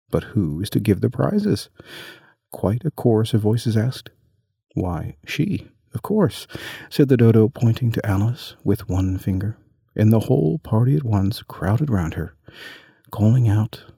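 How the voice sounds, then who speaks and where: A man narrating a storybook in a measured, even reading. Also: lowish voice, gravelly, breathy edge, no echo, clean studio sound.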